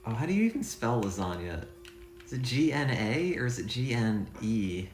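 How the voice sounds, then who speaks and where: A man's voice: mid-range voice, big pitch swings, moderate pace, a little hiss or hum. A man streaming a game, rambling and thinking aloud with a self-deprecating, offhand manner. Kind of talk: casual let's-play commentary. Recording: echoey room sound.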